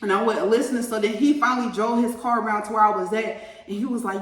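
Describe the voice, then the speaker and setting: A woman telling a story straight to her viewers in a casual, profane and animated way. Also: mid-range voice, fast talker, few pauses, recorded from a distance. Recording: roomy echo, mic set back.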